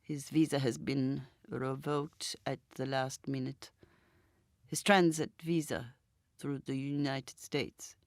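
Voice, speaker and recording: A woman reading aloud, voicing a formal, measured German man with a German accent who speaks politely and carefully. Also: extremely low pitch, fairly even intonation, no echo, clean studio sound, voice pushed down, heavily acted.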